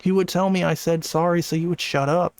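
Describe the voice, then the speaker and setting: A man's voice: a little high, steady tone, a little fast, a little mellow, smooth. A man reading out screenshots and adding casual commentary as a channel host. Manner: casual, conversational asides. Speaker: commentary YouTuber.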